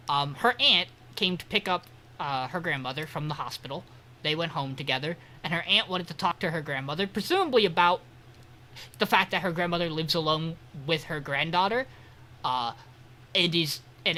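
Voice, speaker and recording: A man with a bright, forceful voice walks through an episode recap in casual podcast chat. He is loose and joking, with dry sarcastic asides and the odd swear. A faint hum of room noise sits underneath. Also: a little high. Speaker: podcast co-host.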